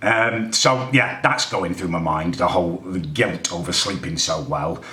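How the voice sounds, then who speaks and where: Tense, low-voiced vlogger ranting. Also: male voice, unhurried, sharp tone. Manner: ranting, exasperated, keeps adding "right?". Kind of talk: casual vlog monologue.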